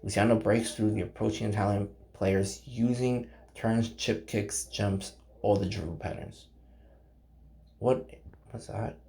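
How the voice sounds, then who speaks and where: A man's voice: lowish voice, steady tone, normal speed, gravelly, hardly any pauses, warm tone. A man casually reading a novel aloud to his viewers, stumbling over names and breaking off to chat with them. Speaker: channel host reading a game novel aloud. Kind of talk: casual read-aloud with commentary.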